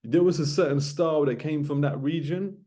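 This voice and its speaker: A man's voice: a little high, fairly quick, dark tone. A man in his late thirties rants casually to camera about boxing. He repeats himself for emphasis and ends his phrases with 'man' and 'bro'. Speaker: boxing commentator vlogger. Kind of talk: casual ranting monologue to camera.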